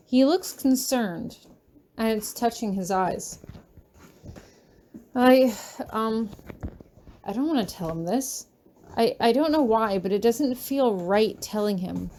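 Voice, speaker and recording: A woman reading her fan fiction aloud in the first person, soft and anxious in tone. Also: fairly high pitch, a little hiss or hum. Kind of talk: first-person audiobook narration.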